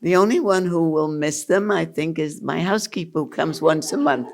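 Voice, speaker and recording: An older woman teaching at a retreat, answering questions in an unhurried, amused way and laughing often. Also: low voice, gravelly, a little mellow. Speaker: spiritual teacher.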